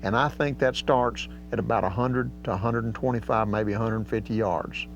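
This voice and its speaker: A man's voice: on the low side, steady tone, normal speed, soft background music. Folksy man teaching duck calls. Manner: folksy and drawling, with casual grammar. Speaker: duck calling instructor. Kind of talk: outdoor hunting instruction. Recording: slightly dull audio with faint hum.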